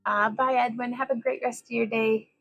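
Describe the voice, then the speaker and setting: Husky, gravelly young woman chatting. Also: fairly high pitch, little pitch movement, normal speed, a bit bright, lo-fi sound, soft background music. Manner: chatty and rambling, greets viewers and reads chat aloud. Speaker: glass bead artist and livestream host. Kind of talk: casual craft demonstration livestream.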